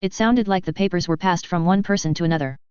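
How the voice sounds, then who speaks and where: Audiobook narrator: woman, low register, crisp clean tone, tense measured delivery, dry slightly dull recording. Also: darkish tone, dry recording. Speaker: audiobook reader. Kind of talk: first-person fiction narration.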